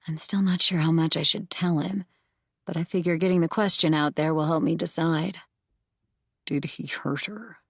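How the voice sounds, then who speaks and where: A woman narrating a first-person thriller audiobook in a measured, intimate way, close to the mic. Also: deep voice, fairly even intonation, dry recording.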